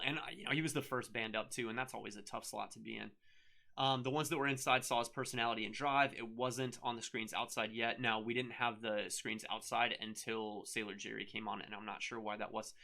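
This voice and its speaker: A man's voice: medium pitch, vocal fry, bright, forceful tone. A middle-aged man from the United States hosting a casual live show, rambling and upbeat with lots of fillers as he chats with commenters. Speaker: show host and author. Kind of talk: casual live-stream chat.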